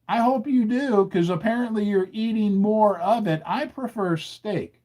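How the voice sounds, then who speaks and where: A man hosting a livestream, talking in an animated, indignant way and firing questions at his audience. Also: high voice, measured pace, few pauses. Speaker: host. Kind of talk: livestream commentary.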